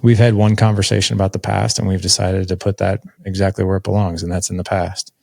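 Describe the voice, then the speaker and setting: A man in his forties speaks candidly and conversationally, sprinkling his story with filler words. His voice sits a little low and carries a gravelly rasp. The recording is close and dry. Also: little pitch movement, fast, a little mellow, no echo. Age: 40s. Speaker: podcast guest. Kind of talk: personal storytelling in an interview.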